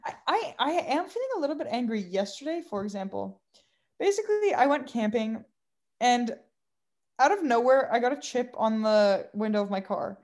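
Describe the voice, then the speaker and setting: A young woman with a fairly high voice, chatting on a podcast. She rants with animated energy, swearing freely as she recounts her job. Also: normal speed. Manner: ranting, animated storytelling about customers. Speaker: podcast co-host. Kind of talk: casual chat.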